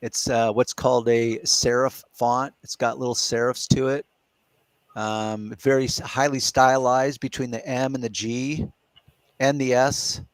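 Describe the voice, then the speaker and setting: A middle-aged podcast host leads a relaxed live Q&A chat, explaining step by step and reasoning aloud. His smooth, ordinary mid-pitched voice moves at a measured pace and sounds close and dry, without any room echo.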